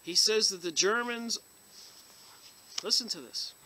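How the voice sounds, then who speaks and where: High, bright-voiced man. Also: a little slow. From United States. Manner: emphatic, gets emotional. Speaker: video blogger reviewing books. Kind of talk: reading aloud and commenting.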